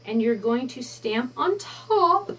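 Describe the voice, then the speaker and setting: Bubbly woman craft-tutorial host, high voice, mic set a little back from her. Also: takes it slowly, distant mic. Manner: bubbly and excitable, gushing. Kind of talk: stamping tutorial demonstration. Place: craft studio at counter height.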